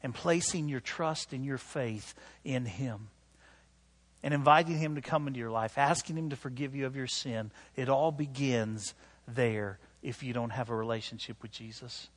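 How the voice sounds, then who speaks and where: Husky-voiced male pastor preaching a sermon. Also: mid-range voice, moderate pace. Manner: animated, self-deprecating storytelling with acted-out quotes.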